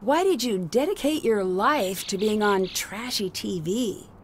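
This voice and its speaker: A woman's voice: mid-range voice, expressive, measured pace, slight background noise, lightly acted. An actress voicing an earnest young female amateur detective in a mystery video game, asking questions in a curious, direct way.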